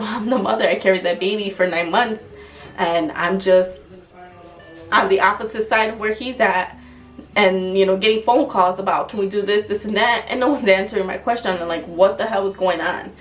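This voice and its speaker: A woman's voice: mid-range voice, fairly even intonation, moderate pace, recorded from a distance, faint music behind. Young woman telling a personal story. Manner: casual, filler-heavy, frank with swearing. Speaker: vlogger.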